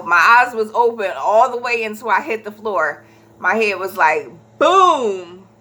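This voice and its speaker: A woman in her thirties, a vlogger casually telling a personal story, animated and correcting herself as she goes. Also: mid-range voice. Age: 30s. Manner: animated, acts out quoted voices, corrects herself mid-story.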